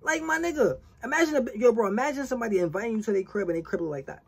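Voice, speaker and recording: A reaction-video host with a deeply husky, breathy voice pitched a bit high for a woman. Her delivery swings up and down a lot as she jokes, swears and slips into playacted exchanges in casual street slang. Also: expressive, very fast. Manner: profane, joking roast with street slang; acts out imagined dialogue.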